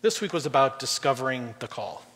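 A middle-aged man preaching a sermon as guest pastor, conversational, swinging between loud emphasis and quiet drops. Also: medium pitch, big pitch swings, a little fast, husky. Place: church auditorium. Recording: long reverb in a large hall.

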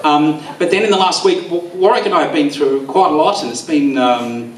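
Man, somewhat high voice, teary eulogy, halting, distant mic in an echoey hall. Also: a loud crowd, very noisy. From Australia. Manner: rambling, halting, with many fillers. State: teary, voice quavering. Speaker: eulogy speaker. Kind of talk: memorial speech. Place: bowls club hall. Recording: echoey room, far from mic.

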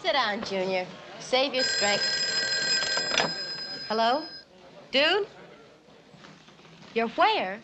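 An actress playing a blunt, world-weary nightclub owner in a 1960s film comedy. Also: female voice, on the high side, very animated, very slow, pauses often, heavy background noise, full character voice. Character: tough-talking nightclub owner, middle-aged woman.

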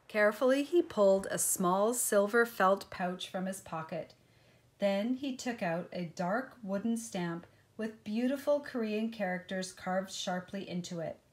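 Woman storyteller, picture book read aloud, very slow, gentle, unhurried. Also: medium pitch.

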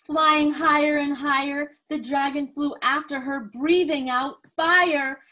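A woman reading a picture book aloud to a child, slow and expressive, with gasps and prompting questions. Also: high-pitched. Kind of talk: storybook read-aloud.

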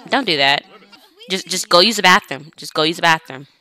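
A woman's voice: on the low side, expressive, brisk, sharp tone. A woman giving casual, chatty gameplay commentary, talking straight to her game characters as she plays. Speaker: let's play gamer.

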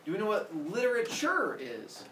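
Animated male teacher telling a story. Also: sits high, normal speed. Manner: animated, playful. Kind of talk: classroom storytelling. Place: classroom. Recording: echoey classroom, distant mic.

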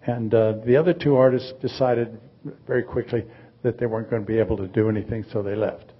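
Older male artist in his 80s, raspy, rambling, dry humor, muffled event audio. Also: fairly low pitch, steady tone, quick pace. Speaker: artist, guest. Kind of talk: live onstage conversation.

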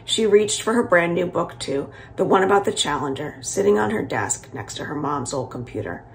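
A woman from a library series reading the first chapter of a children's novel aloud, calm and expressive. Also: fairly low pitch, normal speed, creaky, slight background noise. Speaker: library book reader.

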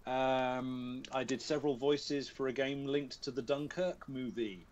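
A man's voice: medium pitch, steady tone, unhurried. A man, a voice actor guest chatting on a podcast and telling amused stories about his work. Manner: chatty, self-amused storyteller. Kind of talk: casual podcast chat. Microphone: remote call.

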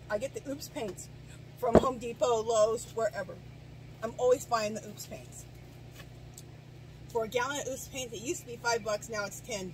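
A woman's voice: fairly high pitch, a little hiss or hum, rough recording. A middle-aged woman with the hiccups, chatting casually and rambling through a do-it-yourself garden tutorial outdoors, with the camera set down some way off. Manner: chatty, rambling, many restarts and asides. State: hiccups and coughing. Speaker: garden vlogger. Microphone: camera set down at a distance.

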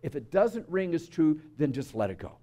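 A man's voice: on the high side, big pitch swings, normal speed, mellow. A man preaching a sermon at a church service, speaking conversationally, telling stories and asking the audience asides. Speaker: speaker at a spiritual community service.

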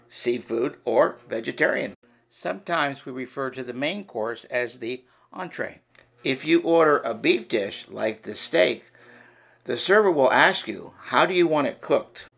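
Male ESL narrator, slow, a bit gravelly, plain teaching read. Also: mid-range voice, a bit bright. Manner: slow, listing terms one by one.

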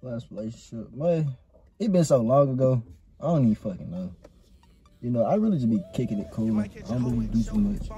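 A man's voice: medium pitch, expressive, a little fast, dark tone. A young man from Atlanta, talking in swaggering, slangy, playful casual chat as a blind date contestant. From Atlanta, Georgia.

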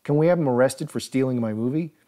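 Brief: male narrator as a gloating rival filmmaker, mid pitch. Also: fast talker, dark tone, natural voice. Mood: smug. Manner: smug, gloating.

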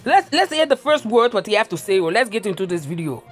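A woman's voice: mid-range voice, very animated, fast, music in the background. A woman reporting on YouTube drama in a chatty, playful, exclamatory manner. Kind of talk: drama commentary vlog.

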